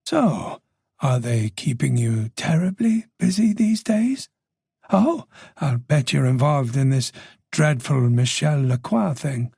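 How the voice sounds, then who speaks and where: A man's voice: medium pitch, lively intonation, takes it slowly, creaky, a little mellow, husky, no room sound, studio quality, full character voice. Man voicing a gossipy Dublin-born older woman. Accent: faint Dublin Irish. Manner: gossipy, nosy, playful.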